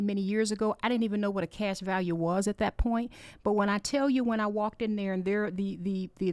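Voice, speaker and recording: A woman's voice: medium pitch, no room sound. Woman host, heartfelt inspirational faith talk, tearful and encouraging, dry close sound. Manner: earnest, encouraging, emotional. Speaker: podcast host.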